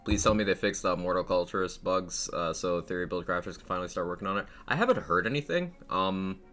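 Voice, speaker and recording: A man with a deep yet bright, forceful voice hosts a casual game live stream. He is a little out of breath, chuckles often and rattles off greetings to his chat. Faint music plays behind him. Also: expressive, fast.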